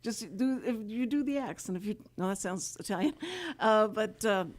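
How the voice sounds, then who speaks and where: A woman's voice: mid-range voice, lively intonation, normal speed. A woman hosting a casual radio talk show, chatty and rambling, often giggling. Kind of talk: casual radio interview chat.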